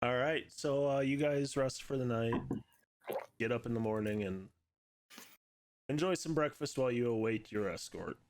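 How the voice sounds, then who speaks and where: A male game master guiding players through a tabletop session. He speaks in a relaxed, measured way with some hesitation. His voice sits at an ordinary pitch.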